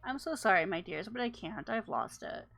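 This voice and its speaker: A woman voicing a sly, flirtatious female swindler and thief as she reads game dialogue aloud, playing up a coy, innocent act with a slightly gravelly voice. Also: medium pitch, animated, normal speed, a bit bright. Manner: coy and theatrical, feigning innocence.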